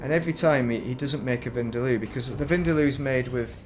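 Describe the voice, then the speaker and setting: Male streamer, rambling casual commentary, moderate pitch, noisy home recording. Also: quick pace. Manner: rambling, self-interrupting, chatty. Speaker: game streamer.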